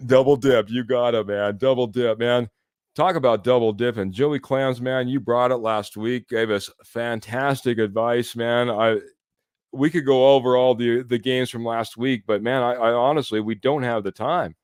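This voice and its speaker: A man's voice: mid-range voice, fairly even intonation, moderate pace, smooth, no echo, studio quality. A man co-hosting a casual sports podcast, upbeat and chatty, tossing "man" into nearly every sentence. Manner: upbeat, says "man" a lot. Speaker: podcast co-host.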